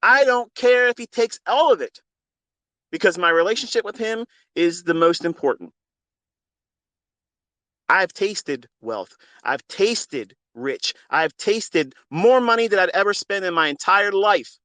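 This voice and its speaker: A middle-aged man mentoring over the phone launches into an impassioned, sermon-like talk that mixes religion and offhand cursing. He's a trading mentor whose high, animated voice sounds pushed and bright, kept at a measured pace. There's no echo.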